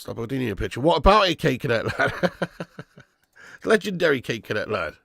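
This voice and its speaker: A man hosting a live football watch-along, calling the play and reading chat, excitable and swearing freely. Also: medium pitch, moderate pace, creaky, no room sound. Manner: excitable, swears, jumps from play calls to chat shout-outs. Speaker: fan channel host.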